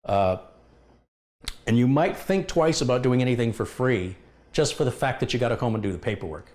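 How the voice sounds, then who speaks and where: A man's voice: medium pitch, lively intonation, fairly quick, darkish tone. A middle-aged man who runs a computer repair business, talking straight to camera and venting his frustration about a customer. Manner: frustrated, venting, acts out past exchanges. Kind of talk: candid monologue to camera.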